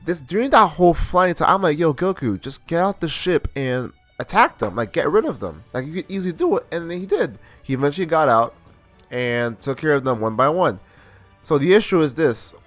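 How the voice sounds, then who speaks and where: A man's voice: a little high, very animated, fairly quick, a bit bright, dry recording, soft background music. A young man recapping and reviewing an anime episode in a casual, rambling way, full of slang and restarts.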